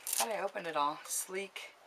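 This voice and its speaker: A woman's voice: on the low side, moderate pace, creaky, background noise. A woman chatting casually to a camera about makeup and gifts, bubbly and gushing. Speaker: beauty vlogger. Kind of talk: casual haul chat to camera.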